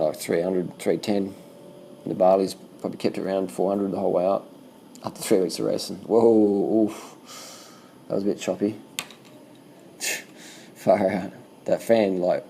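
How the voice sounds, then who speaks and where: A man casually commenting on bike race footage as a vlogger, swearing freely and talking in loose animated bursts. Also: sits low, vocal fry, a little hiss or hum, low-quality recording.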